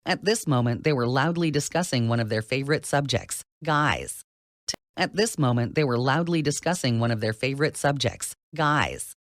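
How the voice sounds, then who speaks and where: Lively audiobook narrator, dry close mic. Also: normal speed, no room sound. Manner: expressive reading with lively pitch. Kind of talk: scripted narration.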